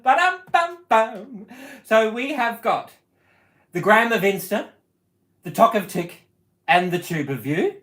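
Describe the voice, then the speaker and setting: High, lively-voiced giggly male streamer. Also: slow pace, long pauses, reverberant. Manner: playful and giggly, breaks into song. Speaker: live stream host. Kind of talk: casual live stream chat.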